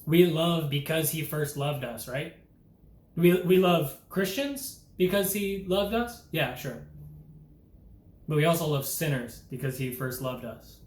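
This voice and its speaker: A man's voice: fairly high pitch, measured pace, roomy sound. A young man delivering an impassioned, earnest preaching monologue as a Christian vlogger, urgent and full of rhetorical questions.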